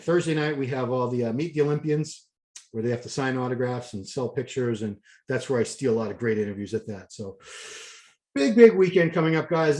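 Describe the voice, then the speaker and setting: A man's voice: medium pitch, a little mellow. A man hosting a bodybuilding preview, chatty and jokey as he rambles through a schedule and wraps up the show. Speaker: host. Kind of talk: casual show wrap-up.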